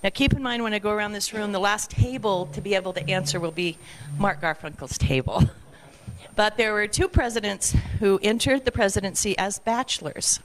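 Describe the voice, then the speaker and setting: A woman with a mid-pitched voice runs a trivia game at a club meeting. She speaks in a brisk, playful way as she puts questions to the room. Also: poor audio. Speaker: club member leading trivia.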